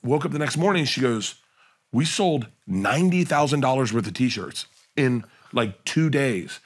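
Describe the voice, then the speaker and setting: A male comedian guest in a casual podcast chat, telling animated, rambling anecdotes full of restarts and laughs. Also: mid-range voice, measured pace, breathy edge.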